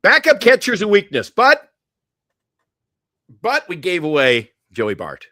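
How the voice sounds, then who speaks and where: A man's voice: high voice, wildly swooping pitch, unhurried, sharp tone, no echo, clean studio sound. An older man co-hosting a casual sports talk show, wisecracking and teasing his co-host. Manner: wisecracking, teasing, mock-panicked.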